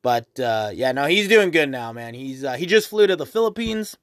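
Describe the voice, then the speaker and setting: A man's voice: medium pitch, very animated, moderate pace, fairly bright tone, no room sound, studio quality. A young man hosting a casual solo podcast, rambling and swearing, full of fillers. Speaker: podcast host.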